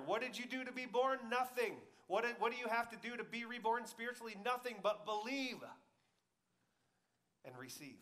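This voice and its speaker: Bright-voiced man preaching a sermon. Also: on the high side. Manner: swings between loud emphatic peaks and quiet intimate asides; acts out quoted voices conversationally. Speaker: pastor.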